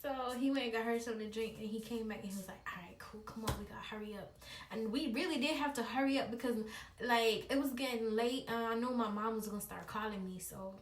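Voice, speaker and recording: A woman's voice: on the high side, quick pace, recorded from a distance. Woman vlogger, casual storytime, slangy, echoey room, faint hiss. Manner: chatty, slangy, addresses viewers directly.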